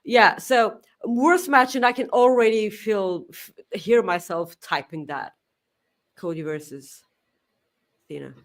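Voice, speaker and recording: A woman's voice: mid-range voice, slow. Woman co-host in a casual wrestling chat, blunt and a bit of a downer, swears casually. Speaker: podcast co-host.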